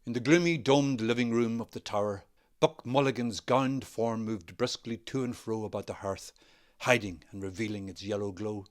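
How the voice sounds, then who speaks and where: A man with a Northern Irish accent, an actor reading a novel aloud in a measured, expressive way. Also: on the low side. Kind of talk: literary reading.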